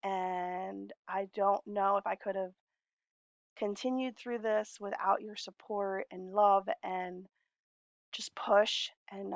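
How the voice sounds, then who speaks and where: A woman's voice: mid-range voice, creaky, no room sound, lo-fi sound. A woman in her forties talking in a long, rambling, heartfelt personal message to friends, laughing often. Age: 40s.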